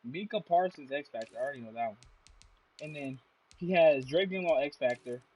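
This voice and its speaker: A man's voice: fairly high pitch, a little fast, a little mellow, husky. A man streaming a console game live, chatting casually with blunt, profane, exasperated trash talk.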